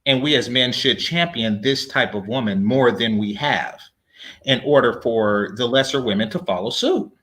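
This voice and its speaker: Man, podcast guest, bright sharp tone, lecturing, halting restarts. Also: medium pitch. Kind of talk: casual podcast debate.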